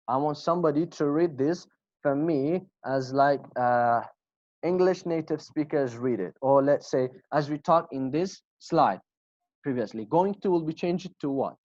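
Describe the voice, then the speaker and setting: A man's voice: a little high, darkish tone, no echo. Guy running an online english class, says every example twice, muffled call audio. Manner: slow, repeats example phrases, asks students questions. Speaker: English teacher. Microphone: video call. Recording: dull lo-fi video call audio.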